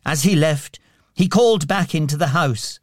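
A man narrating a storybook in a measured, expressive way. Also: a little high, dry recording, clean studio sound. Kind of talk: storybook reading.

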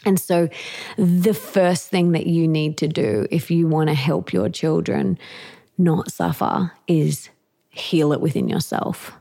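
A woman's voice: low voice, takes it slowly. A woman author as an interview guest, talking in an earnest, emphatic way. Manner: earnest, emphatic, with lively acted quotes. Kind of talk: conversational interview.

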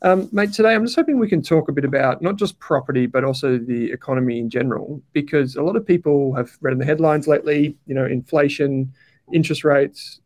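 Relaxed Australian man hosting a podcast. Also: on the high side. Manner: relaxed, friendly, says "mate" and "um" often. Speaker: podcast host. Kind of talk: casual interview chat.

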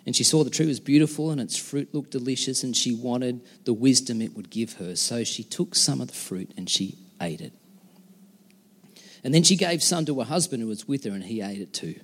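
A man preaching a conversational, emphatic sermon with dramatic pauses as a pastor. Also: mid-range voice. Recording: long hall reverb.

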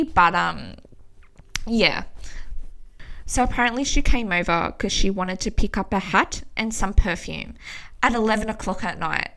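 A young woman telling a personal story in casual speech, swearing often and acting out the lines of the people in it. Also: mid-range voice. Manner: animated, swears often, acts out quoted dialogue.

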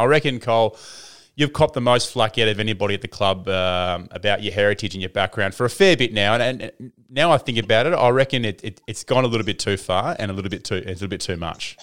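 A man's voice: lowish voice, fairly bright tone, clear, resonant tone. A man hosting a podcast over a video call, chatty, with many fillers and repeated words. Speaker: podcast host. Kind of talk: casual podcast chat.

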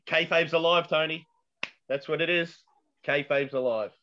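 A man's voice: a little high, fairly even intonation, normal speed, bright, forceful tone, slight background noise. Wry man on dull audio. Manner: hesitant, many fillers, wry. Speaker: podcast co-host. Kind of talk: casual chat.

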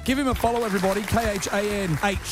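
A man's voice: high-pitched, fairly even intonation, very fast, over music. A man with an Australian accent hosting drive-time radio, teasing his guest and co-host in casual banter. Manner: jokey, teasing, says "mate" a lot.

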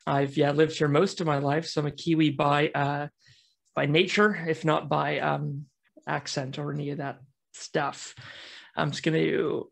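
A man's voice: fairly high pitch, vocal fry. A man with an American accent, giving a chatty, self-deprecating talk as guest speaker. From United States. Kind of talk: online talk presentation.

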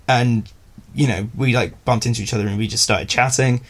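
A man's voice: mid-range voice, fairly even intonation, brisk. A young man, telling a rambling, self-deprecating story as a podcast guest. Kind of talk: casual storytelling chat.

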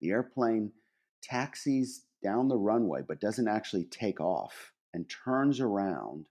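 A man in his fifties telling a long anecdote as a podcast guest, animated, with frequent restarts and laughs. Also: on the low side, unhurried. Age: 50s. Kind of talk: casual storytelling.

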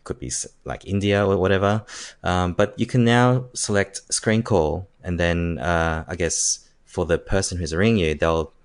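A man co-hosting a casual tech podcast, halting and repeating words as he explains, laughing often. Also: deep voice, steady tone, clean tone. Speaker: podcast co-host.

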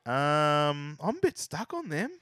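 A man co-hosting a casual sports podcast, swearing freely and rambling excitedly about players. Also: a little high, a little slow, clean tone, no echo, clean studio sound. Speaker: podcast co-host.

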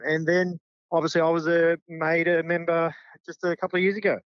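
A man's voice: on the high side, flat delivery, fairly quick, clear, resonant tone, no echo, lo-fi sound. A middle-aged Australian man, a junior football coach, talking sincerely in a casual interview. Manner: sincere, heartfelt.

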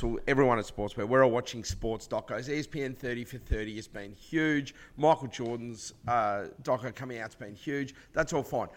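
A man with a thick Australian accent chats with a guest, joking around as he sets up his questions. His voice sits at an ordinary middle pitch. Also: fairly bright tone. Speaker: podcast co-host. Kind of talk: casual chat.

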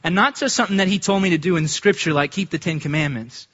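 A man from the United States shares a personal testimony with a congregation in a lively storytelling way. His voice is bright and a touch high, and he jumps up in pitch when he acts out what people said. The recording sounds dull and lo-fi. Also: fast talker. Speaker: church speaker giving testimony.

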